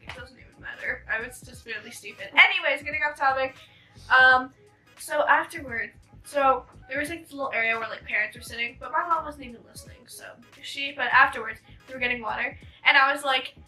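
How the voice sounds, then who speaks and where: A woman's voice: high voice, fairly quick, bright, forceful tone, reverberant. A young woman telling a story in casual chat, rambling with lots of "like" and "um". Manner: rambling, full of "like" and "um". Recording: distant mic with music behind.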